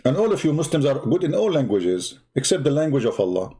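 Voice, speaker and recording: He has a dark-toned, mid-range voice and rattles along fast in a sing-song manner, hardly pausing. The online broadcast host scolds sarcastically in his mocking livestream commentary, laughing at his opponent often.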